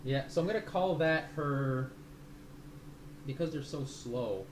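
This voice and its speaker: A man's voice: fairly high pitch, measured pace, a little hiss or hum. Man game master, muddled by rules, casual swearing, roomy room. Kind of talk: running a tabletop game.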